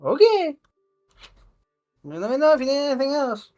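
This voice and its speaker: A woman's voice: sits high, sing-song, moderate pace, darkish tone, faint music behind. A woman narrating as game master of a tabletop role-playing game in a playful, laughing way.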